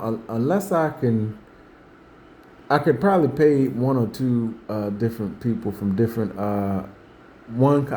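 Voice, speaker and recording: A man's voice: mid-range voice, mellow, a little hiss or hum. A man talking casually about faith and everyday life, rambling and repeating himself, acting out what people say. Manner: rambling, repeats himself, restarts, acts out quotes. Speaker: host.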